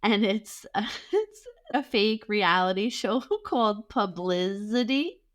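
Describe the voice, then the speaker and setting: A woman's voice: medium pitch, expressive, slow pace. A woman co-hosting a podcast in casual chat, enthusiastic and gushing, laughing often. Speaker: podcast co-host.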